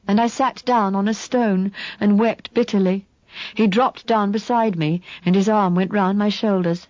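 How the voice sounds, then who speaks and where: A woman's voice: medium pitch, steady tone, a little slow, darkish tone, dry recording, muffled recording. Woman narrating an audiobook. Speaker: audiobook reader. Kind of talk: first-person audiobook narration.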